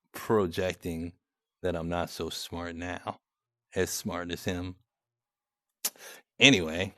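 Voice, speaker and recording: Young man, sarcastic and mocking, unhurried drawl, lowish voice, dry close sound. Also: a bit bright, no echo. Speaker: content creator. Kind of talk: casual commentary on chat messages.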